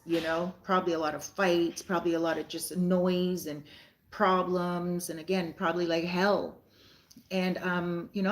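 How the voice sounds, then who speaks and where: A woman's voice: lowish voice, rough recording. A woman vlogger and soul coach telling a story to camera in a casual, rambling way, often tagging her sentences with "right?" and "you know". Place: lives in a Caribbean beach town.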